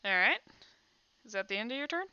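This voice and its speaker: A woman's voice: fairly high pitch, very animated, brisk, bright, forceful tone, smooth, dry recording, dull audio. A woman running a tabletop game as game master, narrating casually and adding playful sound effects.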